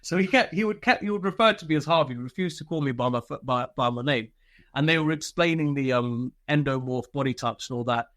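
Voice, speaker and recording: A man's voice: mid-range voice, brisk, a bit bright, dry recording. A man, telling candid stories from army life as an interview guest, swearing freely and laughing through them. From Britain. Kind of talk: casual interview storytelling.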